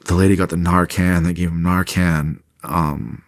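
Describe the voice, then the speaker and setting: A man recounting a painful memory in an interview, halting and restarting as he talks. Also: deep voice, level tone, no room sound, studio quality. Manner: halting, with many restarts and fillers. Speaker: interview guest.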